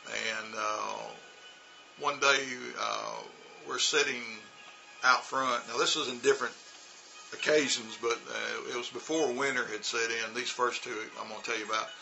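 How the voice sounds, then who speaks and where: This is a man with a gravelly, very bright voice, casually telling stories about his teaching years. He rambles along, restarting sentences and filling pauses. Soft music plays faintly behind him. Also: mid-range voice, fairly even intonation, low-quality recording. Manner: rambling, many fillers and restarts. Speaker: vlogger recounting teaching in China. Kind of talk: casual storytelling.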